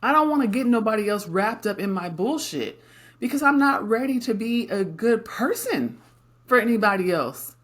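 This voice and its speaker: A middle-aged woman co-hosts a casual podcast conversation. She speaks frankly and with emphasis, and keeps turning to her partner with quick tag questions. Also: on the high side, expressive. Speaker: podcast co-host.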